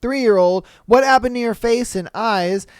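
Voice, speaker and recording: A man's voice: very high-pitched, a little slow, smooth, no room sound, clean studio sound. A man hosting a casual podcast, reading listener posts aloud and reacting with profane slang and laughter. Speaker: podcast host.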